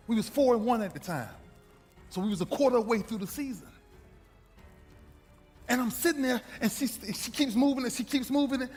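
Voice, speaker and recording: A man giving an intense, dramatic motivational speech, telling a story and acting out the dialogue in a husky voice. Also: very high-pitched, expressive, moderate pace, long pauses. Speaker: motivational speaker. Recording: reverberant hall with faint music.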